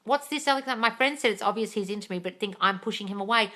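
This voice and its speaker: A woman's voice: mid-range voice, fast, few pauses, a bit bright. A woman coaching viewers on manifesting in a livestream Q&A, blunt and swearing freely while calling everyone darling. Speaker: manifesting coach answering live comments. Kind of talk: livestream Q&A reading comments.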